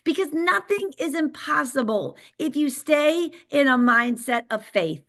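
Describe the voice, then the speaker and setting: A woman, a sales director telling an excited, emphatic motivational story on a call. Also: sits high, a little slow, hardly any pauses.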